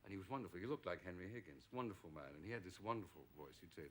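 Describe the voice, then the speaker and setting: A man's voice: low voice, rapid-fire, hardly any pauses, a little hiss or hum. A middle-aged English actor, a talk show guest, telling anecdotes and acting out the voices of people in his stories. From England. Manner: lively storyteller, acts out quoted voices. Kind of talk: anecdotal chat.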